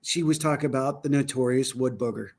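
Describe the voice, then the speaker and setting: A man co-hosting a paranormal talk show, telling funny stories in an animated way and jumping high when he quotes people. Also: a little fast, husky. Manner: animated storyteller, voice jumps high for quoted shouts. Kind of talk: casual chat.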